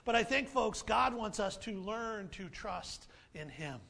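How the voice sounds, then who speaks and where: A male pastor giving a lively sermon in a high, gravelly voice. He talks playfully and leans on repetition to drive points home. The tone is bright and forward. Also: measured pace. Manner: animated, playful, repeats key phrases.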